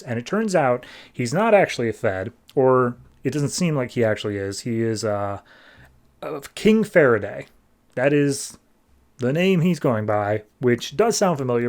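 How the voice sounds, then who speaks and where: A man hosting a podcast, casually retelling comic book scenes and quoting the characters in quick bursts of voices. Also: mid-range voice, a little mellow. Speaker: podcast host recapping comics.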